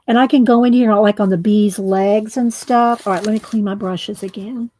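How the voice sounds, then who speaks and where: In a laid-back mixed-media craft tutorial, a woman with a hoarse, weakening voice keeps clearing her throat and talking to herself under her breath as she paints. The voice is mid-range, steady and mellow, at a normal speed.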